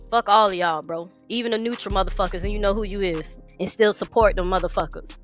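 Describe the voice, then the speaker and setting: A woman's voice: medium pitch, quick pace, few pauses, faint music behind. A woman streamer venting through tears, swearing heavily, speaking. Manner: crying, swearing, raw. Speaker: live streamer. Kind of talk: emotional livestream rant.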